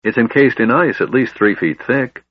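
A man voicing a thoughtful, earnest knight who speaks calmly; dull, dry lo-fi recording. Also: medium pitch, normal speed, husky, no room sound, voice pushed up. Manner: calm, thoughtful.

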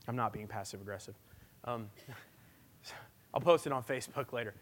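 At a church service, a male pastor preaches a sermon in a medium-pitched voice at a moderate pace. He swings between loud, emphatic lines and hushed ones that are nearly whispered.

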